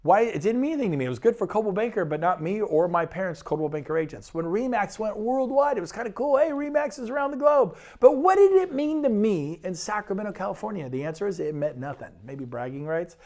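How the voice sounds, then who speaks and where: A man, a real estate broker, giving an enthusiastic and persuasive sales pitch presentation. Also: lively intonation, warm tone. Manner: enthusiastic, persuasive, rapid lists.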